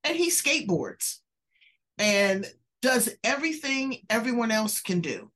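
A woman's voice: on the high side, big pitch swings, unhurried, fairly bright tone. Effusive woman talk-show host. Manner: effusive, conversational. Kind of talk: interview chat.

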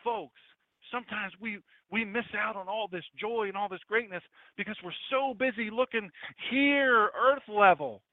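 A man's voice: normal speed, no room sound. Pastor guy preaching hard, voice swings up and down, dry close sound. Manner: impassioned preaching, pitch swinging widely. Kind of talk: sermon. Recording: tinny phone-like dry sound.

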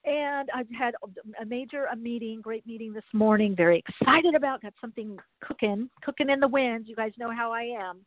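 A woman's voice: a little high, brisk, no room sound. A woman hosting a podcast in a casual, chatty way, rambling through everyday stories. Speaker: podcast host. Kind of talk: casual chat. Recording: tinny phone-like dry sound.

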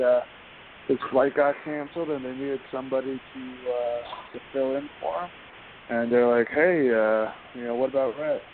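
A man speaks down a narrow, phone-like line, with a faint hiss beneath his voice. He tells his stories loosely and rambles, stacking fillers like "you know" and "like". His pitch sits in an ordinary middle range. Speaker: guest wrestler. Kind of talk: casual interview storytelling.

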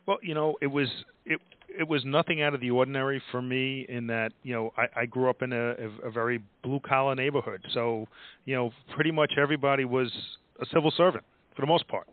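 A middle-aged man, guest in a casual interview, relaxed and full of you-knows. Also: mid-range voice, a little fast, no echo. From Long Island, New York. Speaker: guest accountant. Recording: dry, tinny phone line.

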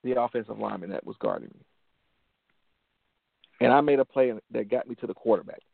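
Gravelly man telling a story over a phone line. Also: medium pitch, expressive, a little fast, no echo. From Detroit, USA. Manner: earnest, repeats phrases for emphasis. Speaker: motivational show host. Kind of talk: motivational storytelling. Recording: dry phone-line sound.

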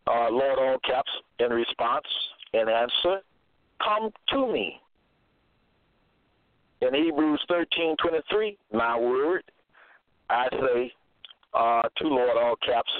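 Man preaching slowly on a thin, dry phone line. Deliberate and repetitive, with frequent check-ins. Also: medium pitch, dry recording. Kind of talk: slow scripture teaching monologue.

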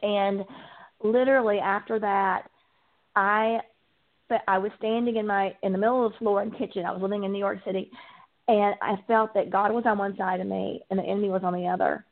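A woman guest speaks earnestly and from the heart about her recovery. Her voice sits at an ordinary middle pitch, and she often pauses on filler ums. The sound is thin and narrow, like a phone line. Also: steady tone. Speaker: guest, addiction recovery coach. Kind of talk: personal testimony in an interview.

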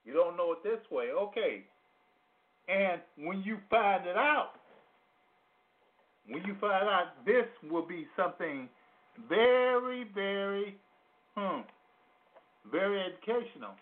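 Man preaching, high lively voice, slow drawn-out delivery, repeats phrases, casual grammar, phone-line sound. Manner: drawn-out, repeats phrases for emphasis, asks listeners questions. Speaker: radio preacher. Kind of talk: slow sermon teaching on scripture. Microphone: phone call-in to internet radio. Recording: tinny phone-line audio.

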